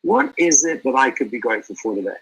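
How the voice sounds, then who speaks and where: A man's voice: mid-range voice, very animated, fast talker, gravelly, husky, poor audio. A middle-aged man as an interview guest, talking animatedly and often repeating words as he thinks aloud. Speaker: speaker and guest. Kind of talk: conversational interview.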